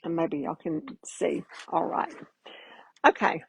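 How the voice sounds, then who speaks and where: Woman, husky low voice, folksy painting instructor, dry close sound. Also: steady tone, takes it slowly, poor audio. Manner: chatty, folksy, greets viewers by name. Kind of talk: casual live painting demo.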